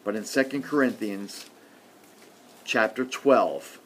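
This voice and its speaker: A man preaching a sermon in a conversational way, often adding "see" and "okay", and swinging from loud emphasis to quiet murmurs. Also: on the low side, takes it slowly.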